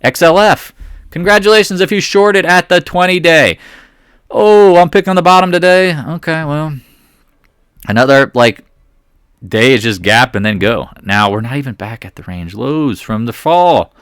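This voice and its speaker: A man's voice: on the high side, lively intonation, moderate pace, a bit bright, smooth, dry recording, clean studio sound. A man giving casual stock chart commentary, sarcastic and talking to the charts in muttered asides. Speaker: market commentator.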